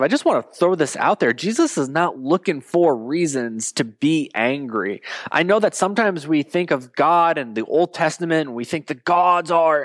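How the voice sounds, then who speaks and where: A man preaching a sermon in an earnest tone, slowing down to stress key words. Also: a little high, a bit bright, no room sound, clean studio sound. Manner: earnest, slows down for emphasis. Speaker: pastor.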